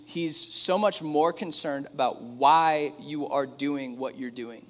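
Man, pastor, slightly high voice, chatty sermon, joking asides, long hall reverb.

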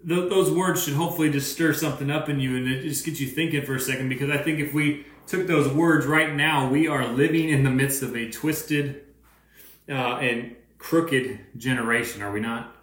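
A man's voice: medium pitch, steady tone, normal speed, a bit bright. A man giving a casual, conversational sermon as pastor, full of "right?" asides and fillers. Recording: echoey room.

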